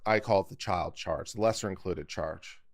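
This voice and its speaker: A man with a very low voice talks through legal points on his live stream. He explains carefully and often stops to critique his own delivery in a loose, chatty way. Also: normal speed. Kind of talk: casual live-stream commentary.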